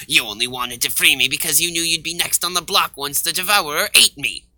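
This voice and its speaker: A man's voice: fairly high pitch, normal speed, no room sound, poor audio. A man doing a furious betrayed young rogue. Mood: angry. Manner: loud, accusing, threatening.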